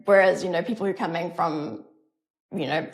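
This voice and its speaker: A woman's voice: lowish voice, fairly quick. A woman podcast host reading a scripted introduction, then asking thoughtful interview questions.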